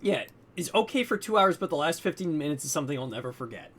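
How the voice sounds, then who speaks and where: A young man with a slightly higher voice recaps a film in a casual podcast chat, tossing in filler words and jumping into loud, high character voices. His pitch moves a lot as he tells the story. Faint noise sits under the recording. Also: sing-song, fast talker. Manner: heavy use of fillers like "like" and "you know". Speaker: podcast co-host.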